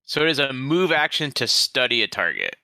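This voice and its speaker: This man plays in a tabletop game and chats casually and upbeat. His voice is very bright and crisp, and it swings widely in pitch. The sound is dry and close. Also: wildly swooping pitch, brisk, dry recording. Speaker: player.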